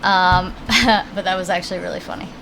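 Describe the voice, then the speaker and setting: A woman's voice: lowish voice, monotone, fairly quick, fairly bright tone, slight background noise, low-quality recording. A woman live-streaming a video game in casual chat, talking with viewers and her puppies at her computer. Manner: chatty, talks to her puppies between game lines.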